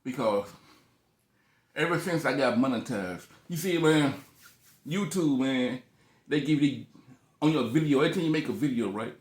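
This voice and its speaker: A man's voice: medium pitch, normal speed, long pauses, echoey room. A man eating on camera in a casual vlog, talking loosely with lots of cussing and joking between bites. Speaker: food vlogger.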